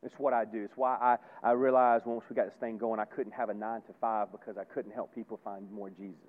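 A man's voice: fairly low pitch, flat delivery, fast talker. Tinny-sounding man preaching emphatically. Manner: emphatic, repetitive, swings between loud and hushed; casual, folksy phrasing. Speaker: pastor. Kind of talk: sermon.

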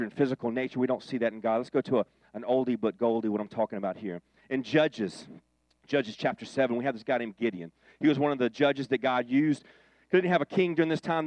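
A man's voice: mid-range voice, a little mellow, dry recording. A man preaching a casual, jokey sermon, acting out the voices of biblical figures as he goes. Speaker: pastor.

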